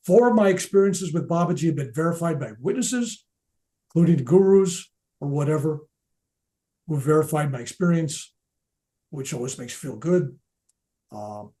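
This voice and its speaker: An older man addressing a veterans event relaxes into unscripted spiritual stories from his own life. His warm, mellow voice sits a touch high for a man. Animated throughout, he keeps stumbling and restarting his sentences and softens certain words almost to a whisper to underline them.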